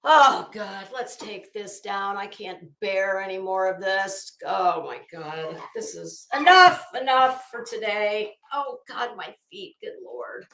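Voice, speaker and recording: A woman's voice: mid-range voice, slow pace, hardly any pauses, pushed and bright, roomy sound. A tired, worn-out woman hosting a livestream in casual chat, reading comments and rambling with trailing thoughts. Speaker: livestream host.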